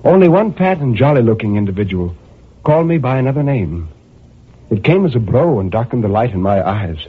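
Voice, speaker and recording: A tormented murderer in a cell, tinny radio. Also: male voice, mid-range voice, very animated, brisk, breathy edge. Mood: brooding. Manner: intense, surging from brooding murmurs to anguished cries. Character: tormented male murderer pacing his prison cell. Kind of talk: dramatic radio monologue. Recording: tinny old radio broadcast.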